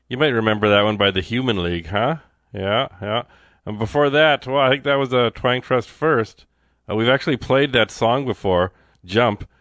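Male radio DJ, chatty and excitable, dry close sound. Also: on the low side, no echo. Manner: chatty and enthusiastic, with excited exclamations. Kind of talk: casual on-air song back-announcing.

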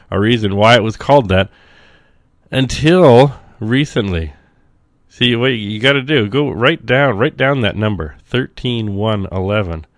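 Gravelly-voiced radio host with a cough. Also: male voice, on the low side, no echo. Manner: rambling, dry joking. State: sick, coughing. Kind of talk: casual radio chat between songs.

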